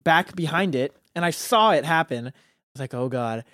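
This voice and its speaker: A man's voice: on the high side, expressive, moderate pace, fairly bright tone, dry recording, studio quality. A young man telling a rambling story in casual chat, laughing often and restarting his sentences. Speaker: guest.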